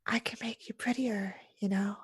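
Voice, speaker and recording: A woman's voice: medium pitch, fairly even intonation, slow pace, dark tone, breathy edge, no room sound, voice pushed up. A woman voicing an eerie female figure with diamond teeth, speaking in a coaxing, little-used whisper.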